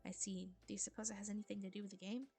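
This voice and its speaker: A woman voicing a wry, erudite teenage girl, speaking in a measured, dryly formal way. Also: mid-range voice, little pitch movement, warm tone, slightly rough, faint music behind.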